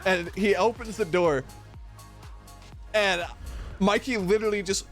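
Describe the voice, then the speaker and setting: Streamer guy with a higher-than-usual voice, casual and profane, constant "dude"s and "like"s, game music faintly underneath. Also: fairly even intonation, unhurried, long pauses. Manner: profane, rambling, peppered with "dude" and "like". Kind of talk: casual storytelling while gaming.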